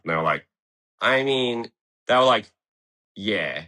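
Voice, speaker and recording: A man's voice: low voice, fairly quick, long pauses, bright, forceful tone. An Australian man from Tasmania telling a story in a casual studio interview, laid-back, swearing often and laughing as he talks. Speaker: guest skateboarder. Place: podcast studio.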